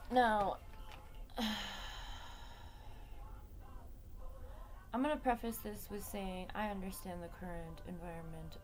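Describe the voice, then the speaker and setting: A woman's voice: lowish voice, background noise. Chatty woman telling a story. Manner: chatty, swears freely, many fillers. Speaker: vlog host. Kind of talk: casual storytelling.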